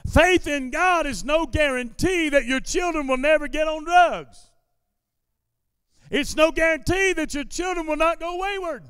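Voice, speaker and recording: A male pastor preaching a sermon in a church service. He repeats his lines in a steady preaching cadence and builds them up into shouted declarations. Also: very high-pitched, no echo, studio quality, in a large hall. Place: church sanctuary during a service.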